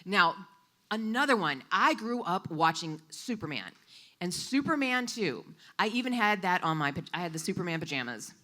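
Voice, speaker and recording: A woman interpreting for a storyteller, voicing a live story at a coffee shop event in an animated, expressive way. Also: on the low side, normal speed.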